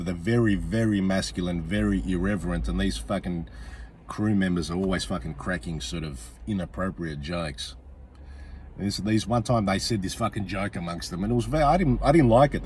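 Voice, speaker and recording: Aussie comedian going off, real low voice, swears constantly, bit of faint hiss behind. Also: male voice, expressive, a little fast, a little mellow. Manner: blunt and sweary, repeats himself for emphasis. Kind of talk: profane comic rant.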